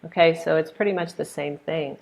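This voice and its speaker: Low, gravelly American woman teaching. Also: fairly even intonation, fairly quick, darkish tone. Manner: friendly, explains with examples and answers questions. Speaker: English pronunciation teacher. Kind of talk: live online webinar lesson.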